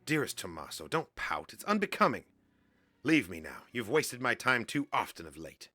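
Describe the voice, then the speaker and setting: A man's voice: medium pitch, very animated, normal speed, pushed and bright, no echo. A man voicing a haughty adult female crime queen who talks in a cold, imperious way.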